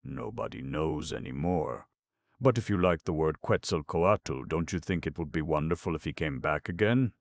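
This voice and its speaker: A man's voice: a bass voice, expressive, moderate pace, no room sound, studio quality. A man playing a gushing young mystic with a French accent. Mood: rhapsodic. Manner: intense, gushing, rhapsodic. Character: pale, excitable young man, rapturous mystic.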